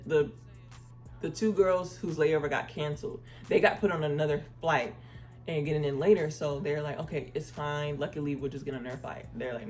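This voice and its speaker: A woman telling a casual story time vlog, acting out the people she quotes and speaking in a relaxed, chatty way. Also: low voice. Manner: uses "y'all" and "girl" casually. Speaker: travel vlogger.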